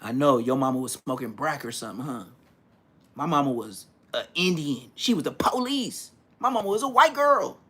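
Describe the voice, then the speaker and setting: A man in his forties telling street stories in a casual, animated way, full of profane slang. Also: a little high, normal speed, husky. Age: 40s. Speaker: vlogger. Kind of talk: casual storytelling.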